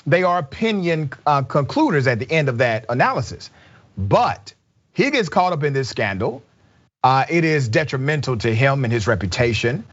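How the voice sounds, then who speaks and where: A man hosting a live online talk show, reading viewer comments with energetic, emphatic, repetitive delivery. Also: medium pitch, moderate pace, muffled recording. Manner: energetic, emphatic, repeats himself. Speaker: show host.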